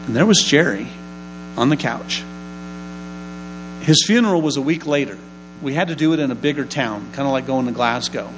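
Male pastor, sermon delivery, mid pitch, emphatic storytelling, faint mains hum. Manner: storytelling with rising emphatic bursts.

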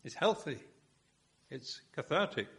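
A man's voice: mid-range voice, big pitch swings, unhurried, creaky, fairly bright tone, breathy edge. A man preaching a sermon, building his points with rhetorical questions and emphatic repetition.

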